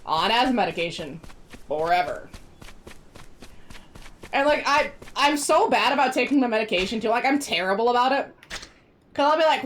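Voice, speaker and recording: A woman's voice: a little high, lively intonation, moderate pace, long pauses, a bit bright, slight background noise. A woman streaming a video game, chatting casually in a rambling way and laughing often. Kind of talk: casual chat while gaming.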